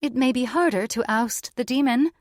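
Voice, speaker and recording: A woman voicing a sultry, scheming female djinn who bargains haughtily, pitched well above her own voice. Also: moderate pace, no echo, close to an everyday voice. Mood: haughty.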